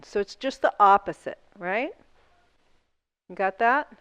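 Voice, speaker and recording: A woman's voice: mid-range voice, expressive, a little slow, long pauses, a bit bright, smooth, dry recording, muffled recording. A woman instructor guiding a seated yoga class, talking through each movement step by step in an encouraging way.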